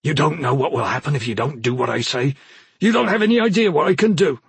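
A man's voice: medium pitch, fast, vocal fry, fairly bright tone, slightly rough, dry recording, heavily acted. A man voicing an angry, threatening young man with a hostile, pushy way of talking. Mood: aggressive.

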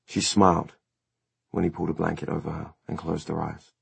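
Deep, gravelly male audiobook narrator. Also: completely flat delivery, fairly quick, dry recording. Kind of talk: scripted narration.

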